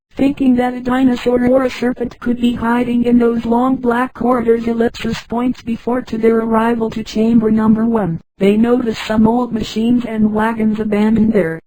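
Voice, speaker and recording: A text-to-speech woman's voice narrating a story in a flat delivery, reading punctuation marks aloud. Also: fairly high pitch, dry recording, poor audio.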